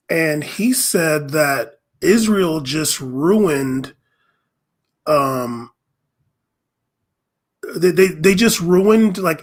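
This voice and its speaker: A man co-hosting a casual political chat, talking in a meandering, hesitant way with many pauses and ums. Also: fairly high pitch, fairly bright tone. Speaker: podcast co-host.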